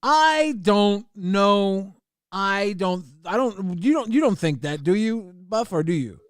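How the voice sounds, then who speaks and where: A man's voice: high-pitched, animated, slow pace, smooth, no room sound, studio quality. A man hosting a casual streamed chat, often repeating words as he talks. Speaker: host.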